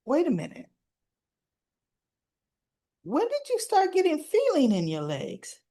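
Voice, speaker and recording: A woman voicing a young woman nurse who turns from excited to hurt, talking in an emotional, pleading way. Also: sits high, takes it slowly, pitched above the performer's own voice, exaggerated voice. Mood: suspicious.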